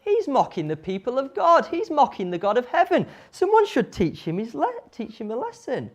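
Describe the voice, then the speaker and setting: Woman doing a shepherd boy, confident, earnest, lively pitch, storybook retelling. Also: normal speed. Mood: indignant. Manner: earnest, indignant and sure.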